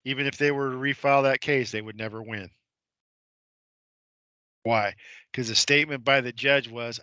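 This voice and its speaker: A man tells a story on a radio show, with a bright, forward tone and a middle pitch. He acts out the voices of the people in the story, asks rhetorical questions and repeats his points for emphasis. The sound is close and dry. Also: steady tone, moderate pace, pauses often, no echo, lo-fi sound. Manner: retells courtroom scenes, imitating the judge's voice. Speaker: guest.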